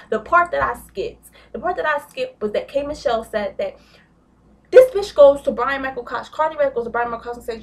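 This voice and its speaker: A woman's voice: a little high, brisk, far from the mic. A young woman vlogging a casual, gossipy recap of a reality show, blunt and profane.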